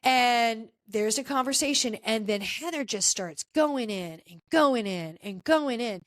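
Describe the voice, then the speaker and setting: A woman's voice: on the high side, expressive, a little slow, no room sound. A woman hosting a podcast, chatting casually and with strong opinions as she recaps a reality TV episode. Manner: chatty and opinionated, talking straight to cast members. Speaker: podcast host.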